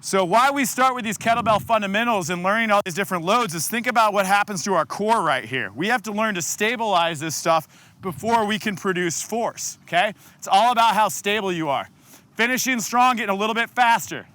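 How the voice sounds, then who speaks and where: A man coaching a group through a follow-along kettlebell workout, giving energetic cues and counting down the seconds. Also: high-pitched. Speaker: fitness coach.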